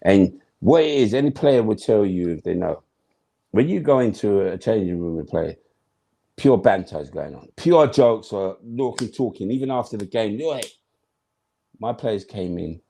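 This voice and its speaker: A man's voice: lowish voice, lively intonation, moderate pace, vocal fry, warm tone, slightly rough. A man, a former footballer telling stories as an interview guest, emphatic and slangy, acting out his own thoughts. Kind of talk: animated storytelling in conversation.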